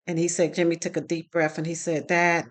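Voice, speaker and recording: Woman telling a parenting story, lowish voice. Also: level tone, brisk. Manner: retells dialogue with quoted voices, emotional. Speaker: parenting class instructor. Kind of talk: casual storytelling to camera. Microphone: phone recording herself.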